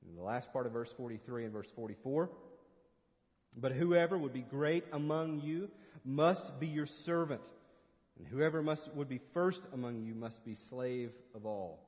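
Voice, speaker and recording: A man's voice: mid-range voice, normal speed, a little mellow, big-room sound. A man preaching an expository sermon as pastor, earnest and emphatic, often restarting phrases.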